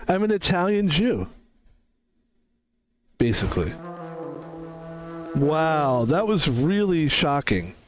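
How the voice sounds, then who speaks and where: Excitable young man streaming a game. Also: on the high side, slow pace, pauses often, low-quality recording. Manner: excitable, rambling, laughing often. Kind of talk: casual live-stream chat.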